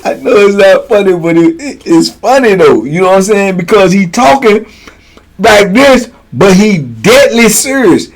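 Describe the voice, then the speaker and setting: A man's voice: high voice, big pitch swings, normal speed, few pauses, low-quality recording. A man casually telling a prison story, laid-back and slangy, breaking into laughs. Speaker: storyteller, host.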